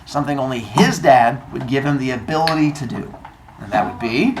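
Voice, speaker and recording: A man's voice: mid-range voice, brisk, reverberant, far from the mic, a little hiss or hum. A man, a teacher, retelling a myth to his class in a casual, jokey way, full of asides. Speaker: teacher and storyteller.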